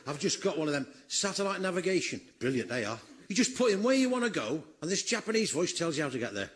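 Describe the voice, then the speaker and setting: A man delivering a stand-up routine in a dry, deadpan manner, his voice sitting a little high. He performs on a radio comedy stage before a live audience. The recording carries clear background noise. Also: quick pace. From Northern England. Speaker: guest comedian.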